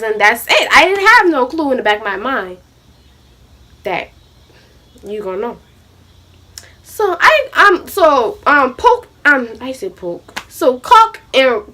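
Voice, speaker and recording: Young female vlogger, lively swooping delivery, acts out every side of the drama. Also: sits high, measured pace, a little hiss or hum. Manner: animated storytelling, voicing both sides of an argument. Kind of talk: storytime vlog.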